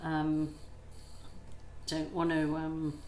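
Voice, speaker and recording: A woman's voice: low-pitched, completely flat delivery, very slow, a little mellow. A middle-aged woman, the channel's host, chatting casually and self-deprecatingly as she explains an acrylic paint pour at home. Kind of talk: casual how-to chat while painting. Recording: echoey room, faint ambient noise.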